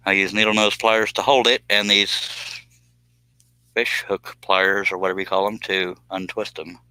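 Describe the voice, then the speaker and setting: A man's voice: low voice, level tone, normal speed, pushed and bright, clear, resonant tone, low-quality recording. A man, casually chatting and joking with viewers on a live stream while doing scroll saw work in his workshop.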